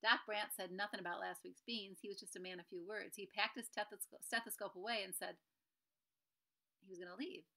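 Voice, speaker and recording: A woman reads a children's novel aloud with a bright, clear tone. She pauses now and then to explain the story in a conversational aside. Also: medium pitch, fairly even intonation, low-quality recording. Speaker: reader.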